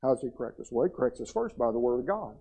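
A man preaching a sermon in a church, fervent, swinging between loud and quiet. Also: mid-range voice, sing-song, rapid-fire, husky, rough recording. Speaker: pastor.

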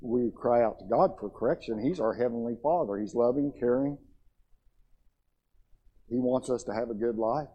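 A man preaching a sermon in a church, fervent, swinging between loud and quiet. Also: mid-range voice, moderate pace, pauses often, husky, muffled recording. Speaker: pastor.

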